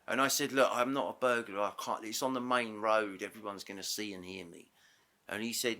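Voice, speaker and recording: A man guest on a podcast, telling a story casually and acting out the dialogue with quick self-corrections. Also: on the low side, steady tone, pushed and bright. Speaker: interview guest. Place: podcast studio.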